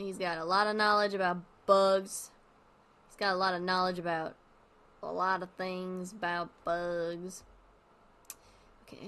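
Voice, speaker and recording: Rambling woman streamer thinking aloud. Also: on the low side. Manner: rambling, thinking out loud with many fillers. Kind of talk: casual commentary while playing.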